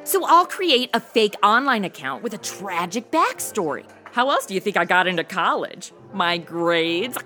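A woman's voice: mid-range voice, sing-song, moderate pace, few pauses, sharp tone, faint music behind. A woman acting a wisecracking sidekick in a comedic audio drama, full of sarcastic quips. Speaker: reporter's sidekick.

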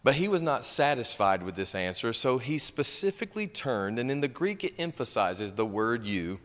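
A man's voice: medium pitch, very animated, moderate pace, a bit bright. A male pastor preaching a sermon, reading scripture and stressing key words with emphasis. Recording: long hall reverb.

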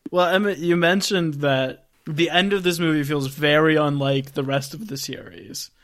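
A man's voice: on the high side, fairly even intonation, normal speed, a bit bright. A man chatting about a movie on a podcast, wry and joking, laughing often. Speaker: podcast co-host. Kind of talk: casual movie chat.

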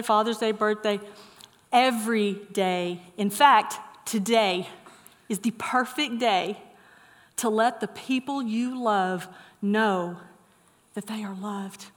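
A middle-aged woman preaching a sermon, moving from lively storytelling to soft, earnest encouragement. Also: fairly high pitch. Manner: animated storytelling, then soft earnest exhortation. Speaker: pastor. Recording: long hall reverb.

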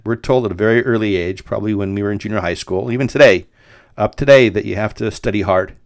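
A man's voice: lowish voice, steady tone, quick pace, gravelly, dry recording, clean studio sound. A middle-aged man hosting his podcast, telling a personal story in a rambling way with many fillers and restarts. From Denver, Colorado. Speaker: podcast host. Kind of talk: casual storytelling monologue.

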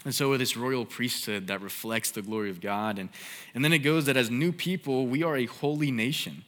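Bright-voiced young preacher. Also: male voice, medium pitch, a little fast, big-room sound. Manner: casual, conversational, with filler "like". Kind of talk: sermon.

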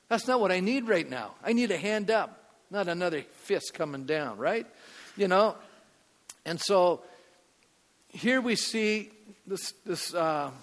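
A man's voice: high-pitched, big-room sound. A male pastor preaching a conversational sermon, often asking the congregation questions.

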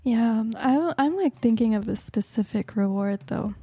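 Miękki, lekko zachrypnięty głos kobiety. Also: female voice, on the high side, animated, measured pace. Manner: soft-spoken, giggly, drops into a breathy whisper. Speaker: radio show co-host. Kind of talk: casual radio chat. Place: Vancouver.

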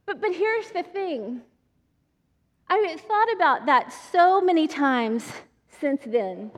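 A woman giving a sermon to women, telling a personal story in an animated way and laughing often. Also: extremely high pitch, takes it slowly. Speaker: women's ministry speaker. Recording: long reverb of a large hall.

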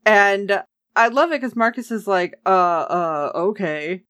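Animated sarcastic woman recapping a show. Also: mid-range voice, slow pace, clean tone, dry recording, clean studio sound. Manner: animated, sarcastic, acts out characters' lines. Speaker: podcast co-host. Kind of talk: casual TV recap chat.

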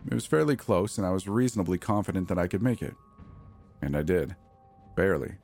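A man narrating a first-person horror tale in a very deep, low voice. His telling is measured and tense, with faint music playing underneath. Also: animated, a little mellow.

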